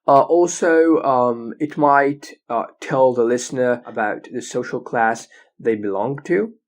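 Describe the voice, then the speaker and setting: Man, lecturing, explains step by step, keeps asking "okay?". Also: medium pitch. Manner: explains slowly, often checking with "okay?". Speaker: English teacher. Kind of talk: recorded lecture.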